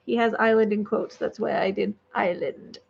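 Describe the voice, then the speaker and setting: A woman's voice: medium pitch, steady tone, a little slow, creaky, breathy edge. A woman vlogger casually reading online stories aloud, rambling with off-script asides, on a dull lo-fi recording.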